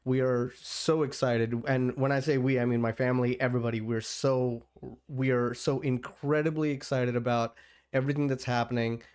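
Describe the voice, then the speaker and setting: A man's voice: medium pitch, level tone, moderate pace, darkish tone, smooth. A man hosting his own livestream, talking casually and loosely with many restarts and fillers. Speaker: livestream host. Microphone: computer streaming setup.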